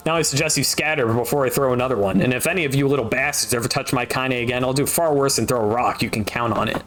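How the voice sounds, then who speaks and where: A man reading aloud, voicing a fierce, foul-mouthed old grandmother with a gruff, blunt manner. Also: medium pitch, fairly quick, a bit bright, natural voice. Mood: threatening.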